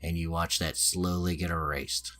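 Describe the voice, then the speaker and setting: Deep-voiced male podcast host, casual and profane, recapping a story offhand. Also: little pitch movement, normal speed, sharp tone. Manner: loose, swearing, lots of filler. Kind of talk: casual chat, retelling an anime plot.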